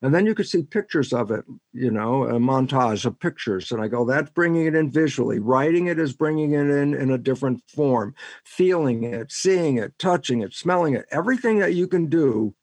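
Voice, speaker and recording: Explaining ideas during an interview, an older scientist-author turns storyteller, performing both sides of imagined dialogues with animation. He speaks at normal speed in a medium-pitched voice, with no room sound.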